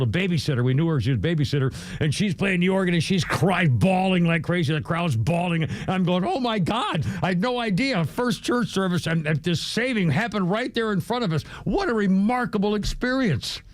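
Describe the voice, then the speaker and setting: A man's voice: high-pitched, fairly quick, few pauses, no echo. A man hosting a talk radio show, rambling with lots of fillers and restarts. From New England. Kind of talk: casual talk radio monologue. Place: radio studio. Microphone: studio microphone.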